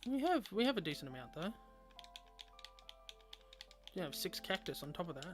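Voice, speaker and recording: A man's voice: sits high, very animated, normal speed, music in the background. A man streaming a game, chatting casually with viewers and rambling aloud with lots of fillers.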